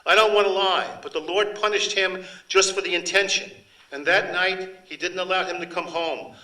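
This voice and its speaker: A man's voice: sits high, steady tone, moderate pace, pushed and bright, far from the mic, voice pushed up, poor audio. A man putting on a pleading, devout peasant woman. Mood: imploring. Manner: emotional, imploring.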